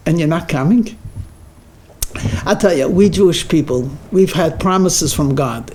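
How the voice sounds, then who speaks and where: A male rabbi delivering a weekly lecture with a lively, swooping voice that sits fairly high. He speaks conversationally and tells stories with animation. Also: a little slow, slight background noise. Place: synagogue lecture room.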